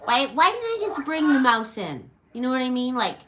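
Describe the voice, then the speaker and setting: A woman's voice: high-pitched, sing-song, moderate pace, a bit bright, a little hiss or hum. A middle-aged woman hosting a parrot rescue channel, telling a story at home in a dramatic, emotional, rambling way with many restarts. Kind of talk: casual storytelling to camera. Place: at home, indoors. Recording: echoey room.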